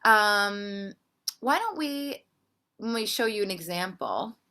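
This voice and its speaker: A woman's voice: mid-range voice, expressive, slow. A woman teaching a ukulele workshop, explaining strums and counting beats aloud. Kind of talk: music lesson with playing and counting. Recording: loud ukulele behind voice.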